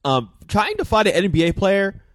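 A man's voice: sits high, huge pitch swings, normal speed, no echo, clean studio sound. A man co-hosting a podcast, chatting casually about sports news in a loose, rambling way with slang and lots of fillers. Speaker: podcast co-host.

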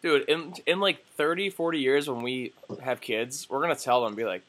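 Young male podcast co-host, mid pitch, animated storyteller who swears and does quick voices. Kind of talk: casual chat.

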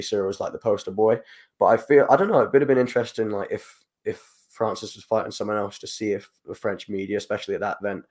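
A man's voice: fairly low pitch, darkish tone. A man chatting casually on a podcast about covering fights, rambling with lots of fillers like "like" and "you know". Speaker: MMA journalist.

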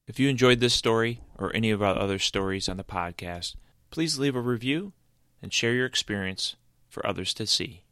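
A man delivers a podcast outro in a slow, measured way. His voice is very low and the recording is dry and close, with no room sound. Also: fairly bright tone, smooth, no echo. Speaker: podcast host.

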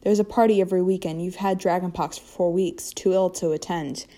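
A woman reading the lines of a cold, irritable young male wizard in an amateur fanfiction reading, with clipped, harsh delivery and a low voice. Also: steady tone, a little fast, mellow, natural voice.

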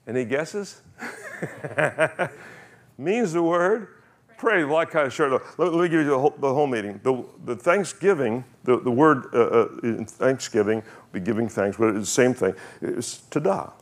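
Guy preaching in church, chatty, reads verses real slow, keeps asking the crowd stuff. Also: medium pitch. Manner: conversational preaching, reads scripture slowly, asks congregation questions. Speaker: pastor. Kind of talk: sermon.

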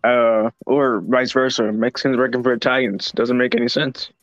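A man's voice: mid-range voice, level tone, moderate pace, a bit bright, no echo, faint music behind. A man co-hosting a wrestling podcast in casual chat, hesitant and stumbling over his words. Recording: dull dry podcast mic.

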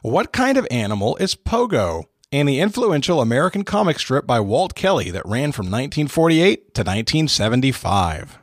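A man's voice: medium pitch, very animated, moderate pace, hardly any pauses, dry recording, clean studio sound. A man hosting a casual trivia game, reading questions and teasing the players playfully. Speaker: trivia quiz host.

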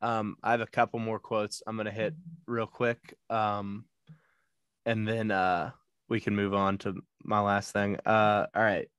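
A man's voice: fairly low pitch, level tone, measured pace, fairly bright tone, clean tone, no echo, clean studio sound. A man hosting a casual movie discussion podcast, laughing often, swearing, and acting out lines from the film. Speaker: podcast host.

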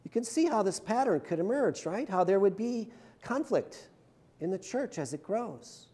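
Lively, animated pastor giving a chatty sermon. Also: male voice, high-pitched, normal speed. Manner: chatty, self-deprecating humor, frequent "right?" tags. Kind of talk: conversational sermon.

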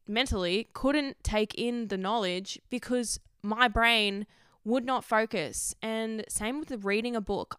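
Young woman, frank confessional vlog, smooth resonant tone, dry close sound, swears freely. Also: medium pitch, a bit bright, no room sound. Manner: frank, rambling, heavy swearing. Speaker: vlogger. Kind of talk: candid confessional monologue.

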